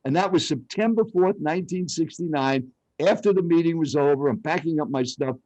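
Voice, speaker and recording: An older man from Arizona in the United States, a speech coach, appears as an interview guest telling dramatic personal stories in an animated way. His voice is on the high side and brisk, and the recording is muffled with no echo.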